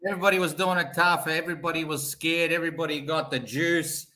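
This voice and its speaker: A middle-aged Australian man speaks in a blunt, matter-of-fact way, dropping "mate" into his talk. His voice is very bright and sharp, pitched a little high. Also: steady tone, quick pace. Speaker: guest on a live show. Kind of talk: casual chat.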